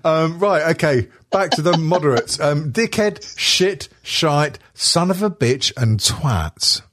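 A man's voice: on the high side, lively intonation, slow, fairly bright tone. Foul-mouthed joking man. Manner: swears constantly, jokey, laughs often. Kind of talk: casual crude chat reading a list aloud.

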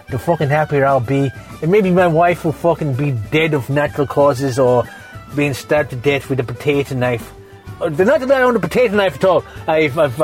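A man's voice: a little high, darkish tone. A drunk man with an Irish accent rambling through a foul-mouthed sign-off as a podcast co-host. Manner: heavy swearing, slurred and rambling.

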